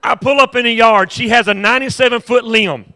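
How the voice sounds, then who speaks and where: A man's voice: very high-pitched, fairly quick, pushed and bright. A male pastor preaching a sermon with impassioned repetition and humorous storytelling.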